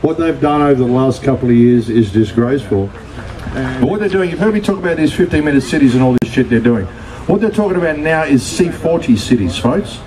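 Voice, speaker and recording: A man's voice: mid-range voice, animated, a little fast, darkish tone, poor audio. A man giving a blunt, profane, ranting conference speech, often addressing the crowd as folks. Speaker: conference speaker. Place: conference stage.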